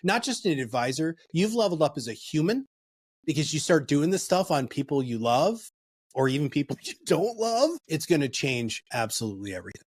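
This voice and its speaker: Emphatic man teaching with lively delivery. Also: fairly quick, breathy edge, no room sound. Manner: emphatic, with lively swings in pitch and pace. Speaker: podcast guest, author and speaker. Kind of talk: animated teaching explanation.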